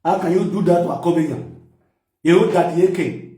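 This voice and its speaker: A Nigerian man with a high voice runs a teasing comic bit, mocking and laughing as he goes. He sounds set back from the mic. The room around him rings with echo. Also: normal speed, mellow. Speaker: comedian. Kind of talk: comic mock phone call. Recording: echoey room, mic at a distance.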